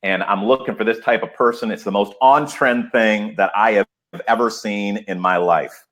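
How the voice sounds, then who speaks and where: A man speaking as a podcast guest, excited and emphatic, laughing often as he talks. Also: fairly low pitch, moderate pace. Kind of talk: enthusiastic podcast interview.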